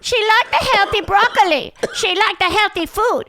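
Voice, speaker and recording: Woman doing a bossy mother, broken English, shrill, scolding, very high, thin. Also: normal speed, sharp tone. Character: bossy middle-aged mother giving orders in broken English.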